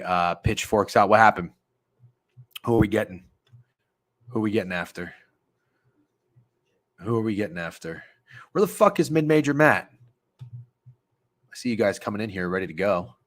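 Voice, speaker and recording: A young man casually hosting a sports betting livestream, rambling and swearing as he talks to his chat. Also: deep voice. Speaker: sports betting stream host.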